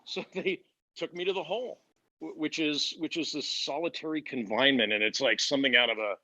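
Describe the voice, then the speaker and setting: A man's voice: a little high, brisk, pushed and bright. A man as an interview guest, telling his story casually, with many fillers and restarts. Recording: dull lo-fi dry sound.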